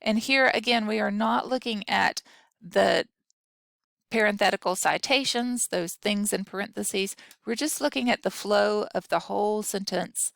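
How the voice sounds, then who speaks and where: Woman instructor, unhurried patient explainer, slight vocal fry, dry close recording. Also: mid-range voice, fairly bright tone, no room sound. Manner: patient, explanatory, talks through examples aloud. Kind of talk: recorded grammar lesson.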